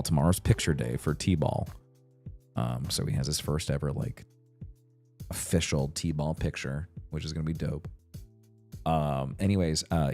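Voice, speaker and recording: Deep-voiced guy in his 30s rambling to chat on a stream, um and like everywhere, soft music under it. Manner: rambling, many fillers and restarts, laughs often. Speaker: livestream host. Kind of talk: casual chat with chat readers.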